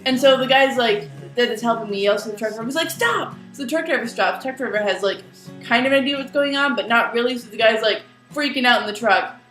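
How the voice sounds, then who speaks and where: A woman's voice: a little high, quick pace, far from the mic. A young woman telling a funny everyday story in a chatty vlog, acting out what others said. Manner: chatty, animated, acts out the voices of others. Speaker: vlogger. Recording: echoey room with faint music.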